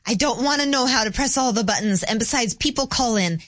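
A woman's voice: fairly high pitch, fairly quick, fairly bright tone, no echo. A woman who is the guest co-host on a talk radio show, speaking in a blunt, emphatic, opinionated way in casual chat. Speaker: co-host, host's wife. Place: radio studio. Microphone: studio microphone.

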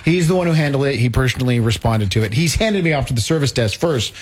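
A man co-hosting a talk show, telling a story in a chatty, casual way with quick asides. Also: mid-range voice, animated, a little hiss or hum. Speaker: co-host. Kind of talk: casual chat.

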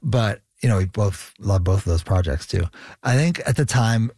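Easygoing lower-voiced male musician. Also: expressive, moderate pace, darkish tone, breathy edge, dry recording. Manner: easygoing, agreeable. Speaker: musician guest. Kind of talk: interview conversation.

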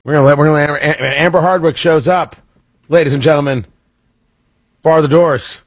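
A man's voice: fairly high pitch, fairly even intonation, a little fast, slightly rough, no room sound. A man hosting a radio morning show, bantering and teasing his co-hosts in a casual, joking way. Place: radio studio.

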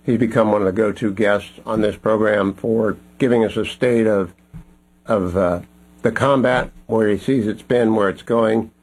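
A man hosting a radio talk show, speaking in a measured, emphatic way with occasional fillers. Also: lowish voice, fairly even intonation, darkish tone, husky.

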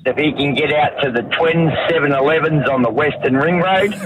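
A man phones in to a radio show and lays out his offer plainly. The line carries clear background noise. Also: fairly high pitch, brisk. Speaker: caller. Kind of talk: phone-in chat.

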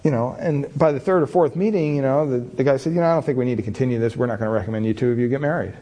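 A man's voice: mid-range voice, very fast, warm tone. A middle-aged man preaching a sermon, telling candid, self-deprecating stories about himself with many casual fillers. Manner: chatty, many fillers like "you know". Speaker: pastor.

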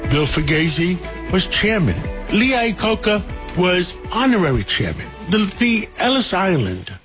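A man's voice: high-pitched, sing-song, a little slow, a bit bright, soft background music, low-quality recording. A man delivering a short scripted radio commentary in blunt, punchy slogans.

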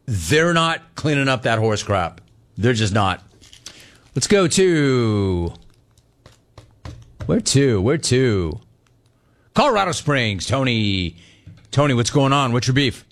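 A middle-aged man runs a call-in sports talk show with brash, animated, joking energy. His voice sits in a mid-to-low register. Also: measured pace. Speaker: sports radio host.

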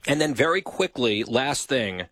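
A man's voice: medium pitch, animated, a little slow, fairly bright tone. A man hosting a talk show, telling anecdotes and teasing his producer in a dry, casual way.

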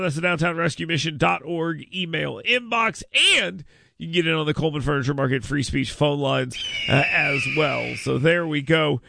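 A man's voice: a little high, normal speed, gravelly, sharp tone, no echo. A man hosting a radio call-in show in a studio. He chats casually, rambles, repeats words and laughs often. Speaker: radio talk show host. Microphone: studio mic.

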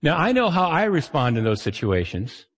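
A man preaching a sermon as pastor, conversational and animated, sometimes acting out the voices of the people he quotes. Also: fairly high pitch, moderate pace, breathy edge. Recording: long hall reverb.

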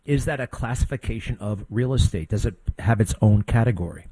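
A man's voice: on the low side, a little fast, dark tone, breathy edge, no room sound. A man hosting a talk show, asking questions in a casual, wry manner and cutting in often.

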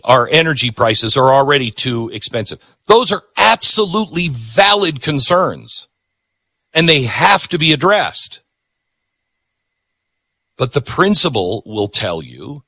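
A middle-aged male talk host delivers opinionated commentary in emphatic, repeated bursts. His voice is bright and his pitch swings widely. The sound is dry and close. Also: no echo. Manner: emphatic, repetitive, punchy.

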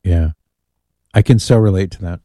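Male call-in radio host: low, warm, dry studio sound, easygoing and amused. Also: normal speed, no room sound. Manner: chatty, amused, reads listener emails aloud.

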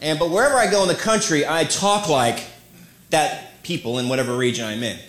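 A man from the American Midwest doing live stand-up comedy in an animated way, jumping in and out of characters. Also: a little high, fairly quick. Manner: animated, swings between characters. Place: comedy venue with live audience. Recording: roomy live venue with laughing audience.

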